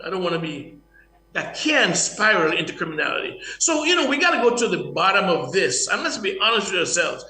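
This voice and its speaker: Preachy high-voiced man, echoey and distant. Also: pushed and bright. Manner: preachy, repeats words, restarts. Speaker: guest speaker. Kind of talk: impassioned morning-show talk.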